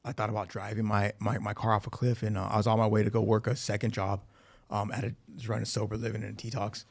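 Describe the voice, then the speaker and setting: In a meeting room at a recovery facility, a man gives personal testimony about his recovery, swearing openly and performing the lines he quotes. His voice sits lowish and creaky, delivered quickly in a level tone.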